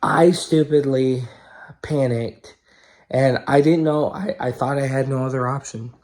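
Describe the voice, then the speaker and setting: A man's voice: mid-range voice, steady tone, a little slow, a little mellow. A man telling a story casually to camera, swearing often and filling his talk with "you know" and "right?". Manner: profane, rambling, many fillers and tag questions. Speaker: vlogger.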